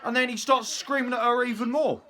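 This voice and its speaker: A man's voice: very high-pitched, steady tone, brisk, pushed and bright. A man ranting angrily on a vlog, swearing often and mocking. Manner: angry, profane, mocking. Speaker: vlogger. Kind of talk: ranting commentary to camera.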